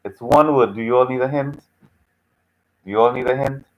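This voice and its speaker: A male lecturer runs a live online class, reacting to what students type in. He is patient and teasing, and he repeats his phrases over and over. His voice sits at an ordinary middle pitch. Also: moderate pace, highs cut off.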